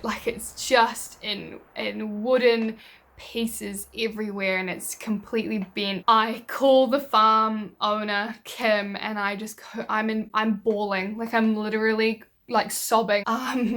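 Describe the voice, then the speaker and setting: A young woman tells a story straight to camera in a casual vlog. Her voice sits a little high and she talks in a chatty, animated way. She makes fun of herself as she goes. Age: young adult. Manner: chatty, animated, self-deprecating. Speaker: vet student vlogger.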